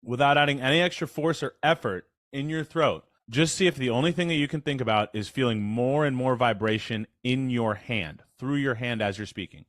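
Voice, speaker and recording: A man's voice: medium pitch, fairly quick, few pauses, no echo, clean studio sound. Chatty man coaching on a video call. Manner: energetic, chatty, demonstrates with his voice. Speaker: voice coach leading a workshop. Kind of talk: casual instructional talk. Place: online call.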